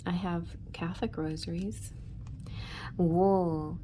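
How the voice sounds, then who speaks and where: Low-voiced woman doing a deck flip-through, half-whispers the card texts, chatty and giggly in between, bit of faint hiss. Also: slow. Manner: reads card texts in a soft half-whisper, then chats with laughs. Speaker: tarot channel host.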